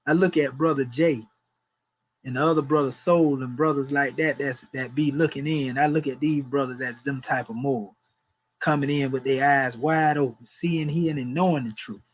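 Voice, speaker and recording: A man's voice: medium pitch, steady tone, moderate pace, poor audio. A man, preaching in a folksy, emphatic way and chuckling between points. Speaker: religious teacher. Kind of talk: informal preaching.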